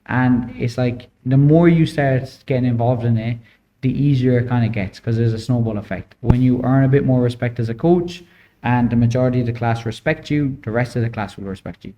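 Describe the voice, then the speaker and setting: Brisk and dark-toned, this medium-pitched voice belongs to a boxing coach from Ireland in his twenties, heard with slight background noise. As a guest on a podcast, he chats casually and tells stories, leaning heavily on "like" as a filler.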